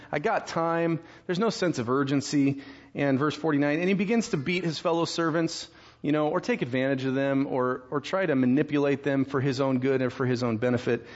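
A man preaching a sermon as pastor, conversational and self-deprecating, breaking into quick asides. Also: medium pitch. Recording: slightly dull lo-fi sound.

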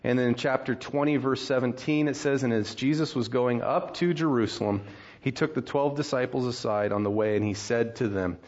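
A man preaches a sermon in a relaxed, conversational way, with a voice of middling pitch. He walks his listeners through scripture and grows animated when he acts out frustration. The recording sounds a little dull. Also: fairly quick. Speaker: pastor.

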